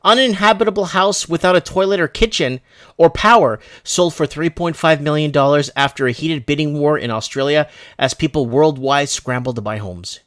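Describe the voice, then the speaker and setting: A man from Canada hosting a loose livestream, his voice sitting a little high for a man. He rambles, restarts sentences and reads viewer emails aloud. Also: normal speed, a bit bright. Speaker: host. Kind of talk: casual livestream commentary.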